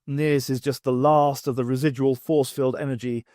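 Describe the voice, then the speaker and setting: A man reading an audiobook, voicing an irritable male time traveller who lectures briskly with dry sarcasm. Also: medium pitch, fairly even intonation, a little mellow, no room sound, natural voice. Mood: explaining. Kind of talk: audiobook character voice.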